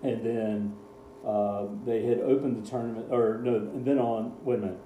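A man's voice: medium pitch, fairly even intonation, moderate pace, dark tone, echoey room, slight background noise, poor audio. A man co-hosting a casual sports talk show, running through game scores with dry sarcasm. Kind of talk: casual radio sports chat.

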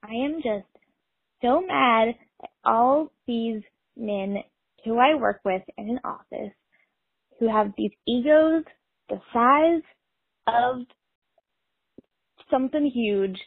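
A fairly high-pitched woman with a gravelly, husky voice vents her frustration into a voicemail, swearing as she goes. The line is tinny and phone-like, and her voice sounds dry and close. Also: takes it slowly, long pauses, no echo. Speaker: caller. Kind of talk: ranting voicemail.

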